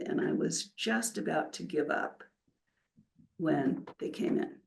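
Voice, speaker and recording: Older lady guest, gravelly voice, tells stories and acts out what people said. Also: low voice, normal speed. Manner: animated storyteller who acts out quotes. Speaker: wealth counselor, podcast guest. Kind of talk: casual interview storytelling.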